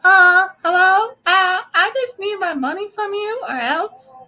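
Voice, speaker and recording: A man voicing a high, hesitant male prank caller who drags out his words. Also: bright, forceful tone, heavily acted, poor audio. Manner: hesitant, drawn-out.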